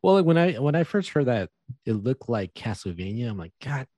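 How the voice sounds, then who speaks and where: A man's voice: medium pitch, sing-song, brisk, warm tone, no room sound. A man co-hosting a podcast in casual chat, laid-back and often answering with short reactions. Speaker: podcast co-host.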